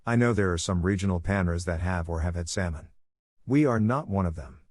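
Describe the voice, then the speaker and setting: A man with a fairly low voice reads fast-food worker stories aloud in a scripted narration. He lifts his pitch when quoting customers and coworkers. The sound is dry and close, with no room around it. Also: darkish tone, no echo. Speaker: narrator reading online posts.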